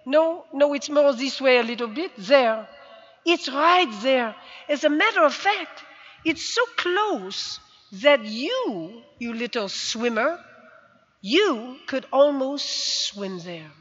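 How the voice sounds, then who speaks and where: A woman voicing a gentle mother who patiently coaxes her small daughter. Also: high voice, expressive, slow pace, full character voice. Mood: coaxing. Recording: dull sound, long hall reverb.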